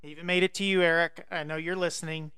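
A woman's voice: lowish voice, fairly even intonation, quick pace, fairly bright tone, clean tone, no room sound. A woman co-hosting a podcast in casual chat, brassy, playful and self-assured, talking into a studio microphone. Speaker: podcast co-host.

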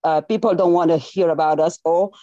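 A woman's voice: on the low side, fairly even intonation, a little fast, dark tone, no echo, muffled recording. A woman from Senegal with a French accent, an earnest community organizer who repeats herself as she makes her points. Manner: earnest, repeats phrases, laughs between thanks.

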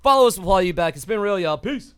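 A man's voice: high voice, lively intonation, quick pace, a bit bright, a little hiss or hum. A man hosting a podcast in casual, jokey chat, steering the segments. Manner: easygoing, jokey, leads the segments. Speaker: podcast host.

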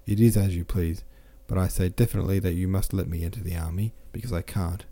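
Eager teenage boy, insistent, dark voice, as a man reads him. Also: lowish voice, brisk, creaky, no room sound. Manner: insistent, pleading.

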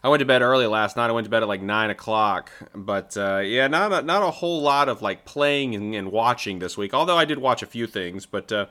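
A man's voice: on the low side, expressive, a little fast, hardly any pauses, pushed and bright. A man co-hosting a podcast in casual chat, laid-back and heavy with fillers. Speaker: podcast co-host.

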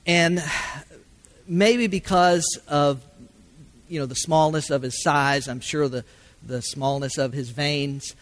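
A middle-aged male pastor preaching from the pulpit, his voice sitting a little high for a man. He moves from ringing calls to the congregation down to near-silent, drawn-out pauses. The delivery is dynamic and full of feeling. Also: steady tone. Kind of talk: sermon.

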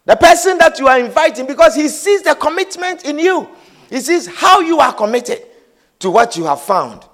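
A man's voice: very high voice, sing-song, normal speed, fairly bright tone. A man preaching a sermon, repeating himself emphatically and asking his listeners whether they understand. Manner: repetitive, emphatic, asks the audience "do you understand?". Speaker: pastor.

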